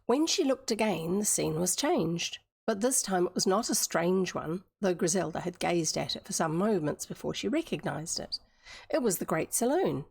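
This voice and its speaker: A woman's voice: lowish voice, gravelly, darkish tone, slightly rough. A woman with a New Zealand accent, reading a classic book aloud on a livestream, adding chatty asides and stopping to explain words. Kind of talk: live-streamed book reading.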